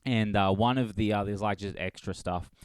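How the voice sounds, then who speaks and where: A man's voice: lowish voice, steady tone, moderate pace, clean tone, no room sound. A young man hosting a podcast by himself, ranting in a crude, sarcastic way and slipping into mocking impressions. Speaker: podcast host. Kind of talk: solo comedic rant.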